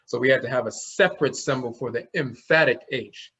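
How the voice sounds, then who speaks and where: A man teaches a class at a steady, mid-pitched level, walking through one symbol after another. He often stops to voice the sounds himself. The recording is dull and lo-fi. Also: fairly quick, few pauses, husky. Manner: explanatory, demonstrates sounds aloud. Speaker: language teacher. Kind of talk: classroom lecture.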